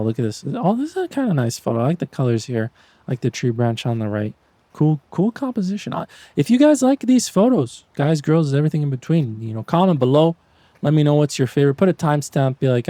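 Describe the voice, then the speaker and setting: A man talks through his photo walk in a loose, joking way, poking fun at himself and playfully daring his viewers. His voice is mellow and relaxed, and it sits close and dry with no room around it. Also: medium pitch, no echo. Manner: rambling, self-mocking, playful mock-taunting. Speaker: street photography vlogger. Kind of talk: casual joking commentary.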